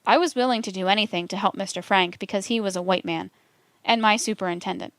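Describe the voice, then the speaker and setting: A woman reading a transcript aloud for a documentary in a measured, steady delivery. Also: mid-range voice, dry recording. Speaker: documentary reader.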